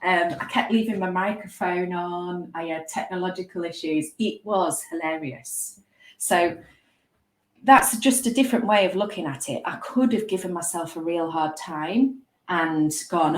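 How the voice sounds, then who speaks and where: A woman, a guest, chatting casually and telling stories with lively, self-mocking humour. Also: on the low side, moderate pace, echoey room. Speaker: guest speaker. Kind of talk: casual conversational chat.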